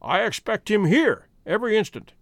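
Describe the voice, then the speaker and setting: A man voicing a calm, stern male detective who speaks in a measured, commanding way. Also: high voice, no room sound, clean studio sound, voice pushed up, heavily acted.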